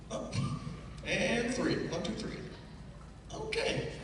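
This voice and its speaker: A man's voice: very high-pitched, big pitch swings, moderate pace, pauses often, a little hiss or hum. A man working as a stage hypnotist at a live show, giving playful commands and counting people in and out of trance with lots of repetition. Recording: echoey hall, distant mic, loud crowd.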